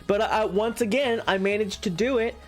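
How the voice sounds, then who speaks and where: A man's voice: sits high, normal speed, faint music behind. A man chatting casually on a live stream as he reads a visual novel, rambling to his viewers. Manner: rambling, chatty asides to viewers, frequent laughs.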